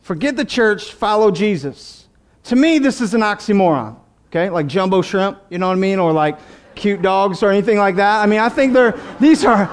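Pastor, male, very high voice, lively, joking and emphatic preacher. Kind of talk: sermon.

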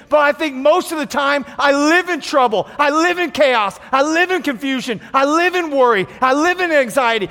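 High-voiced pastor in an echoing hall. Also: male voice. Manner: animated, jokey storyteller who acts out voices. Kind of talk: sermon. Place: church. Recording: reverberant church hall.

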